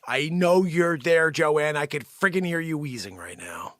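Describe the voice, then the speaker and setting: A man hosting an improvised comedy news bit, loudly ranting with sudden shouts and then dropping to low mumbled asides. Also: lively intonation, a little slow, no echo, studio quality. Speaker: comedy show host.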